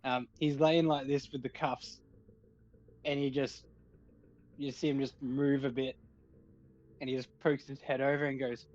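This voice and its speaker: A man playing a tabletop game, speaking in a hesitant, relaxed way. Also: mid-range voice, a little slow, pauses often. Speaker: player. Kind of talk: casual tabletop play. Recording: dull lo-fi mic.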